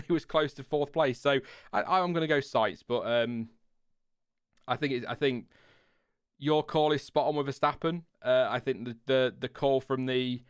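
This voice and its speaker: A young man chatting through a live stream, reading viewer comments aloud with easy asides. His voice is smooth and clear. The sound is close and dry. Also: mid-range voice, dry recording. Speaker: podcast co-host. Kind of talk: casual live-stream chat.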